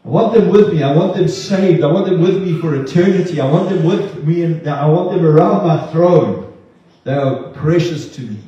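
A man's voice: a little high, normal speed, mellow, close to an everyday voice. A man preaching voices Jesus as a grown man who fiercely and lovingly insists the children come to him, in an emphatic, raised voice. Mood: yearning. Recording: dull echoey sound from far off.

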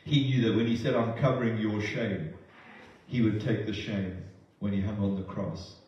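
Man preaching, earnest and emotional, low mellow voice, echoey church hall, heard from a distance. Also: steady tone, normal speed, dull audio. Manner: earnest, emotional, with repeated restarts. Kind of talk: sermon. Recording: roomy distant sound.

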